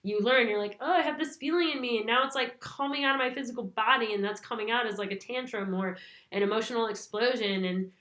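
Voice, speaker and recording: A woman's voice: fairly high pitch, fast, a bit bright. Young female host, casual rambling monologue, filler-heavy, echoey room. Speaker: spiritual channel host.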